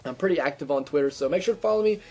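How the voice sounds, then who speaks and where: A gaming YouTuber offers channel tips while giving casual gameplay commentary, his voice a little high and a little mellow. He's animated and racing, chatty and upbeat, with lots of ums and restarts.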